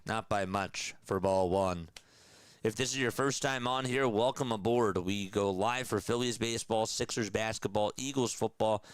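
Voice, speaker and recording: A young man doing radio-style baseball play-by-play on a live stream, calling pitches and greeting viewers in the chat. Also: smooth, no echo. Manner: steady, measured game calls.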